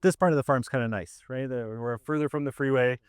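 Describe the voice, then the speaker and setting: Casual, slightly hoarse farmer explaining. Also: male voice, medium pitch, fast, dry recording, clean studio sound. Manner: casual and conversational, with many fillers. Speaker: farmer leading a farm tour. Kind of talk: explaining while walking a group around. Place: outdoors on a farm field.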